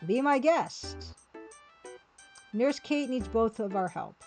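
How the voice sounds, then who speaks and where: A woman reading aloud the lines of a proud, stiff young male ninja, with formal, halting speech. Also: on the high side, animated, a little mellow, soft background music. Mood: stern.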